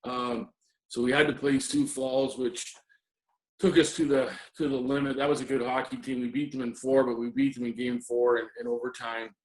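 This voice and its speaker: A man's voice: medium pitch, flat delivery, normal speed, darkish tone. A middle-aged man, a former assistant hockey coach, reminiscing in an interview with many ums and restarts. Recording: roomy echo.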